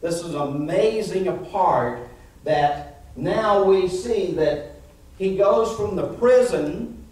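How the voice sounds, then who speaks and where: A man preaches with animated energy to a congregation, asking them to answer him. His voice sits fairly high. The recording is very echoey and catches him from a distance in a church hall. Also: takes it slowly. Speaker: pastor. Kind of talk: sermon. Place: church sanctuary.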